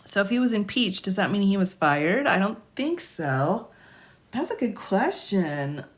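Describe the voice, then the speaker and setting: Woman lawyer going live, reads form questions out loud then chats about each one, laughs a lot, thinks out loud. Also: medium pitch, big pitch swings, a little slow. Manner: asides, musing and thinking out loud. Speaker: attorney streaming live. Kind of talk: live-stream commentary reading a legal form.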